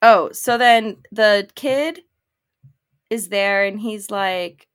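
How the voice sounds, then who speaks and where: Woman, podcast co-host, casual chat, movie recap, acts out quotes, middle pitch. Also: slow, clear, resonant tone. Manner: animated retelling of movie scenes, acting out lines.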